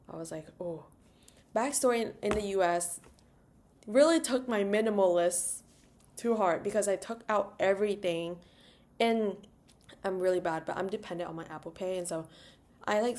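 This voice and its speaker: A young woman rambles through a storytime vlog, piling on "like" and quick asides as she goes. Her voice sits a little low for a woman. It sounds loose and conversational, like she's chatting straight to the camera. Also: darkish tone. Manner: rambling, filler-heavy, chatty; sings "la la" to herself. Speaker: travel vlogger.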